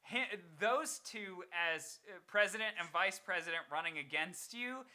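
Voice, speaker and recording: A man's voice: high voice, lively intonation, moderate pace, bright, forceful tone. A young man in his twenties co-hosting a casual chat show, rambling, laughing often and stopping to search for names. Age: 20s. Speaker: podcast co-host.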